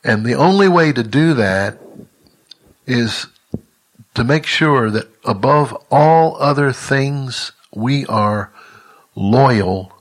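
An older man delivering a monthly teaching message as a ministry leader, earnest and halting, often restarting his words. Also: mid-range voice, expressive.

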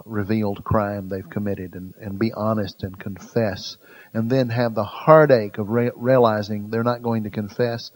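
A man teaching a Bible study in an earnest way, growing louder and slower to stress key phrases. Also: fairly low pitch, low-quality recording.

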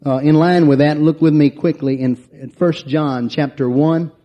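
A man's voice: fairly high pitch, fairly even intonation, normal speed, dull audio. A man preaching a sermon, reading scripture aloud and explaining it verse by verse.

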